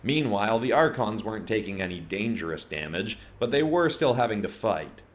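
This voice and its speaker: A man narrating a scripted fantasy story in a steady, dramatic way. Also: on the low side, brisk.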